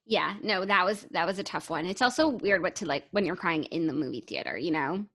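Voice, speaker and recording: A woman's voice: lowish voice, lively intonation, brisk, a bit bright. A young woman co-hosting a podcast in casual chat, talking in an enthusiastic, gushing way. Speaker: podcast co-host.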